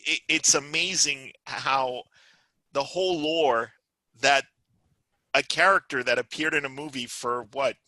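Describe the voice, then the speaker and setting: A man's voice: mid-range voice, unhurried, pushed and bright, no echo, rough recording. A man co-hosting a casual podcast, chatty and laughing often between his points. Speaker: podcast co-host. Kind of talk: casual chat.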